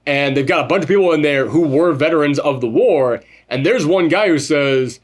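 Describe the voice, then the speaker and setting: A man co-hosting a casual film review chat, animated, swearing freely and mimicking characters as he goes. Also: a little high, normal speed. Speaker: podcast co-host reviewing a film.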